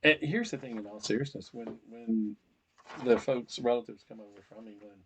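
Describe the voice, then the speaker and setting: A man's voice: mid-range voice, moderate pace, slight background noise. A man with a Southern US accent, co-hosting a podcast with goofy banter and silly voices. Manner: goofy, puts on silly voices and laughs a lot. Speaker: podcast co-host.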